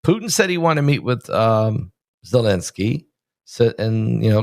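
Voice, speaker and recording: A man's voice: medium pitch, lively intonation, moderate pace, darkish tone, no echo, studio quality. A man hosting an interview in a conversational, chatty way, asking his guest questions. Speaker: host. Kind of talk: casual interview talk.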